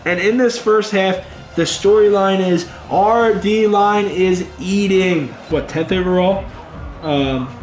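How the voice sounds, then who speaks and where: A young man giving let's play commentary over a football video game, muttering low between plays and yelling when big plays happen. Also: reverberant. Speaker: gaming YouTuber.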